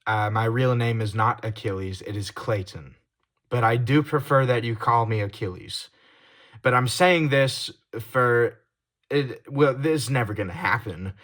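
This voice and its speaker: A young man talking straight to his audience in a confessional vlog. He swings between heated swearing and quiet, apologetic trailing off, with stumbling restarts. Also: mid-range voice, a little slow. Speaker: YouTuber.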